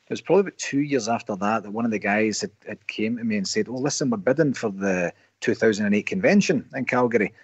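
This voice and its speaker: A man's voice: on the low side, fast talker, few pauses, slightly rough, no echo. Scottish man on a muffled call line. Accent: Scottish, Paisley. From Scotland. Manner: chatty, restarts often, relaxed storytelling. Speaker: guest, supporters association president. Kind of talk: casual chat.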